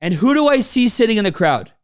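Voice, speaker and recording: A man's voice: sits high, big pitch swings, fairly quick, smooth. A man giving a motivational business talk to a live audience, telling personal stories and acting out the people in them. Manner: storytelling, acts out quoted people. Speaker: business trainer.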